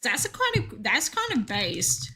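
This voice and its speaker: A woman's voice: fairly high pitch, wildly swooping pitch, a little slow, pushed and bright. A young woman streaming a game, chatting casually and reading out chat with joking asides.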